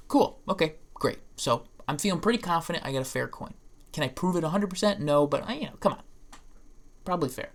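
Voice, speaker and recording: Low raspy-ish lady prof lecturing, playful, lots of asides and restarts. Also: moderate pace. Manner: lively, playful, acts out imagined students. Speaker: statistics professor. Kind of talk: recorded lecture.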